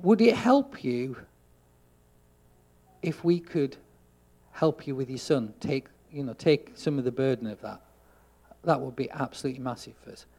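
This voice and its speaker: A man preaching a sermon, telling a story and acting out the dialogue, getting loud for emphasis. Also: mid-range voice, expressive, normal speed, pauses often.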